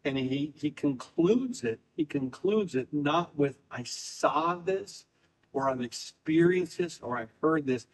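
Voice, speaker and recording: A man preaching a sermon, emphatic and repetitive, reading scripture aloud and swinging between quick bursts and slow, drawn-out phrases. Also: a little high, expressive, rough recording. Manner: emphatic preaching, speeding up and slowing down, repeating phrases. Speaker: pastor.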